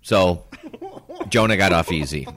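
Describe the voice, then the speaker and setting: A man on a podcast telling a rowdy story in casual chat, often laughing and stumbling over his words. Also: deep voice. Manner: animated, laughing, halting restarts. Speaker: podcast co-host.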